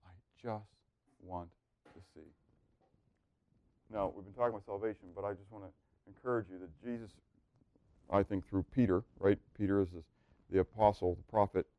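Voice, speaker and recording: A man preaching a sermon, asking the room rhetorical questions and swinging from hushed, quiet lines to loud, excited ones. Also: lowish voice, fast, dull audio. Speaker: pastor.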